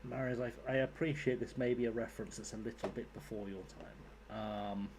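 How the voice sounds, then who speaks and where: A man's voice: mid-range voice, fairly even intonation, brisk, noisy background. A young man streaming a game, chatting casually with his viewers, rambling, joking and swearing freely. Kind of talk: casual live-stream chat.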